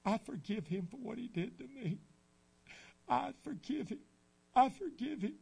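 A man acting out a remorseful teenage boy, praying aloud at the altar in a loud, pleading, fervent way. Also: very high-pitched, expressive, measured pace, creaky, breathy edge, voice pushed up, heavily acted.

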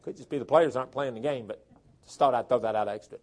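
A man from the South, preaching a sermon and reading scripture verses aloud, swelling loud on key words and dropping into folksy asides. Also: medium pitch, quick pace. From southern Tennessee and northern Alabama, US.

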